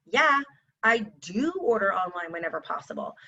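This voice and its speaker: A woman's voice: mid-range voice, expressive, moderate pace, creaky, pushed and bright. A woman, a teacher and mother telling a casual storytime to camera in a sassy, exasperated way. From Texas. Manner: sassy, exasperated, talks straight to viewers. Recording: slightly dull lo-fi recording.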